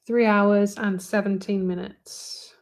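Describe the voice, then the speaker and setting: A woman's voice: mid-range voice, fairly even intonation, slow pace, a little mellow. A young British woman, a tarot reader, chatting candidly with viewers on a live stream, swearing freely and saying "like" often.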